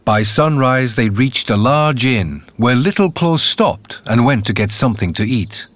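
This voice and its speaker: Expressive male fairy tale narrator. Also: mid-range voice, a little slow. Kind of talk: storybook narration.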